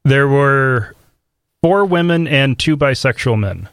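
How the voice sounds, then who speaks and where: A man co-hosting a casual podcast, talking with many fillers and restarts, then walking through a topic in a steady explaining voice. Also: medium pitch, slow pace, clear, resonant tone, no echo, clean studio sound. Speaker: podcast co-host. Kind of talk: casual chat and explainer segment.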